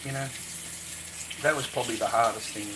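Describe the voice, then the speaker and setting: A man's voice: mid-range voice, a little fast, background noise. A middle-aged Australian man in a rambling live-stream monologue, bitter and profane, who keeps repeating himself. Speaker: livestreamer.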